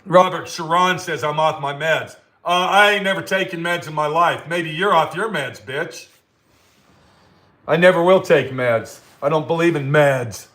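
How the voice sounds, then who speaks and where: This livestream host is an older man whose slightly high voice carries a sharp tone at a measured pace. Swearing angrily, he takes on viewer comments combatively from his workshop.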